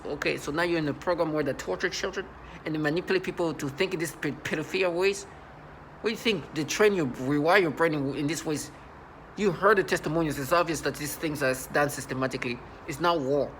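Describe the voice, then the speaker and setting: Agitated rambling man, somewhat high voice. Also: fairly bright tone, a little hiss or hum. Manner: agitated, rambling, repeats himself. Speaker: channel host. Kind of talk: unscripted monologue to camera.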